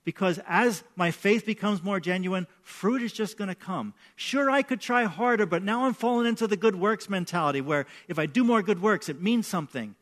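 Conversational pastor, man, higher voice. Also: moderate pace, few pauses, a bit bright. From New York. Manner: conversational storytelling with repeated "right?". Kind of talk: sermon.

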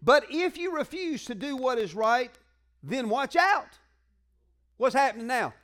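A man's voice: very high-pitched, animated, a little slow, a bit bright. A male pastor preaching a sermon in a conversational, call-and-response way, full of colloquial asides to the congregation.

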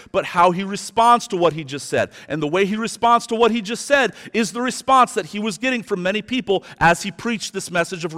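Pastor type, male, high voice, emphatic sermon delivery, big church reverb. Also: a bit bright. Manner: emphatic preaching, slows down for stress. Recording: long hall reverb.

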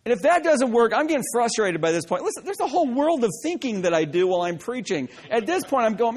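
High-voiced emphatic male pastor. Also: sing-song, fairly quick, slight background noise. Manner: emphatic, repeats "listen" for emphasis, joking asides. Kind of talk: sermon.

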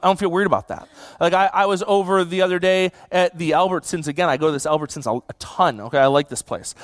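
High-voiced joking young preacher man. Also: no echo. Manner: conversational and joking, heavy use of "like" fillers. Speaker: guest preacher. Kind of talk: casual sermon.

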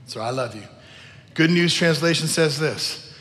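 A male pastor delivers an earnest, emotional sermon, his voice sitting a touch higher than most men's. He weaves spoken prayers into the preaching, and the sound rings with the long reverb of a large church hall. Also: measured pace, pushed and bright.

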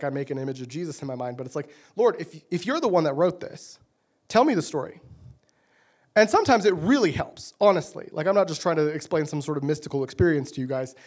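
A young man preaching a sermon in an earnest, conversational way, often restarting phrases. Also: a little high. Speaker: pastor.

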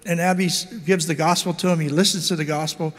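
A man's voice: a little high, steady tone, fast, long reverb tail. An older man preaching an impassioned sermon, exhorting his listeners with lots of repetition. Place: church hall.

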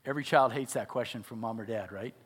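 A man's voice: mid-range voice, fast, a bit bright, husky. A father and pastor preaching a sermon, earnest and often asking his listeners questions. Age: adult father. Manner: earnest, asks the audience questions.

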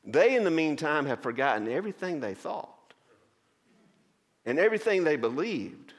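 A man's voice: a little high, big pitch swings. Man preaching in an echoing church. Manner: earnest, explaining scripture with many pauses. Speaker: pastor. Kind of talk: sermon. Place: church sanctuary. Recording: long church reverb.

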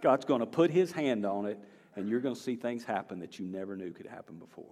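A man's voice: on the low side, fast, darkish tone. A man with a Southern American accent, preaching a sermon from the pulpit in a folksy, conversational way that rises into emphatic bursts. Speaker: pastor. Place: church sanctuary. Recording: reverberant church hall with faint guitar.

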